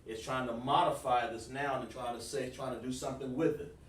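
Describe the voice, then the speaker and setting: A man teaching a casual class at a whiteboard, talking in a relaxed, folksy way and often repeating himself as he addresses students directly. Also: mid-range voice, a little fast, a little hiss or hum. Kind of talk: casual classroom lesson streamed online. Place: room with a whiteboard. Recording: echoey room, speaker far from mic.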